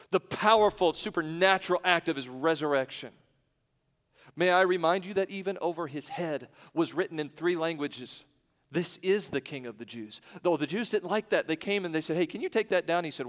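A man preaching a sermon, pitched a little high, who swings between raised, driving emphasis and near-hushed quiet. His voice rings out into a big, reverberant hall. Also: normal speed. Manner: dramatic, swings from loud to hushed. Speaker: pastor.

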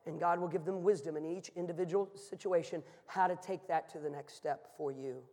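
A man preaching a sermon, telling stories in a manner that swings from hushed tones to shouts. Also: fairly high pitch, steady tone, brisk. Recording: long hall reverb.

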